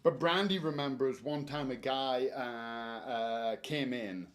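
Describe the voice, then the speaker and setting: A man's voice: medium pitch, slow pace. Garden store staffer, man, casual and jokey presenter. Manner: chatty, joking, animated advice.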